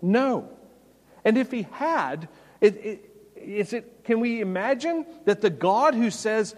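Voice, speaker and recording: A man's voice: high voice, lively intonation, measured pace. Preaching man in a reverberant hall. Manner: conversational, emphatic preaching with folksy anecdotes. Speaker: pastor. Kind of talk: sermon. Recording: long reverb of a large hall.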